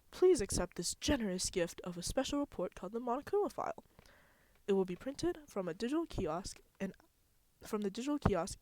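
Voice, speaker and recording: A woman's voice: medium pitch, dark tone, dry recording, close to an everyday voice. A woman voicing a mischievous bear mascot who makes game announcements, in a playful, whispery mock-announcer voice. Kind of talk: game dialogue read aloud in a put-on voice.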